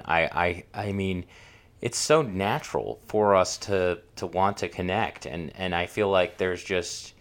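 A man with a very low voice hosts the conversation, reflecting slowly on what his guest said. He gropes for words with repeated fillers before turning it into a follow-up question. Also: a bit bright. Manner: thoughtful, hesitant, with many fillers. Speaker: podcast host. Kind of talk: interview question.

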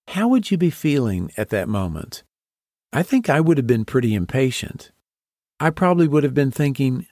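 A man's voice: medium pitch, very animated, normal speed, a little mellow, no echo, studio quality. A man hosting a devotional podcast, teaching through a Bible story in a reflective way and asking listeners to picture themselves in it. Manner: reflective, asks the listener to imagine the scene.

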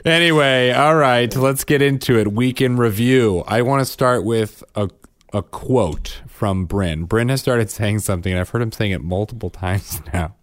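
A man in his thirties co-hosting a casual chat, telling family stories with lively acted-out lines. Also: medium pitch, moderate pace, no echo, clean studio sound. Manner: animated storyteller, acts out his kids' lines. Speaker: podcast co-host.

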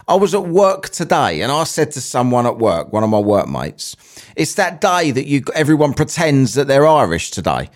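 A man hosting his own podcast, talking casually and swearing as he wanders between asides. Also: mid-range voice. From England. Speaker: podcast host. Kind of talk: casual solo podcast chat.

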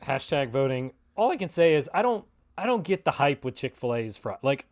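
A man co-hosting a casual podcast chat with wry, quick interjections and frequent laughter. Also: mid-range voice, very animated, darkish tone. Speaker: podcast co-host.

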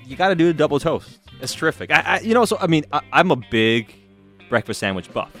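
A man co-hosting a casual podcast chat, joking and animated, often restarting his sentences. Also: fairly high pitch, fast, soft background music. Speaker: podcast co-host.

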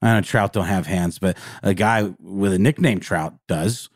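A man's voice: low-pitched, moderate pace, no echo, clean studio sound. A man from the American South, co-hosting a podcast with a playful, joking manner. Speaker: podcast co-host. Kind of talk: casual chat.

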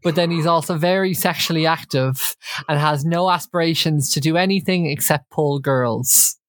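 Woman host, low voice, dry close sound, chatty recap storyteller. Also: normal speed, dry recording. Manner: animated storyteller, acts out quotes. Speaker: podcast host recapping a reality show. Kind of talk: casual chat.

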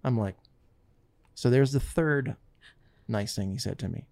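A man casually telling a long story, acting out what others said in lively voices. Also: medium pitch, measured pace, gravelly. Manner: animated, quotes others in lively put-on voices.

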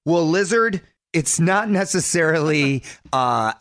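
A middle-aged man hosting a radio show in an upbeat, jokey way, reading quick promos and chatting with his co-host. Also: a little high, animated, a bit bright, no echo, studio quality. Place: dry radio studio. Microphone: studio mic.

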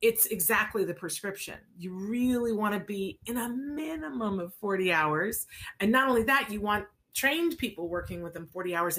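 Woman, live-stream host, direct emphatic coaching, rhetorical questions, animated, mid-range voice. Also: mid-range voice. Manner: animated, acts out little scenes with a child. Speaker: host answering viewer questions on child therapy.

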